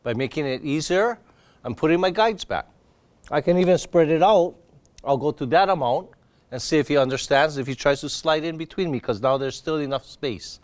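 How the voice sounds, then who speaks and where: A man demonstrating dog training, explaining each step in a patient, plain way while he works with his dog. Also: moderate pace. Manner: bursts into high excited praise for the dog.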